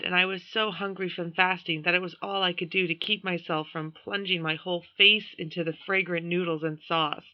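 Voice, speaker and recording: A woman reading a first-person novel aloud as audiobook narration, in a measured, even storytelling manner, with a dull lo-fi recording. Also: fairly low pitch, no echo. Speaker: audiobook reader.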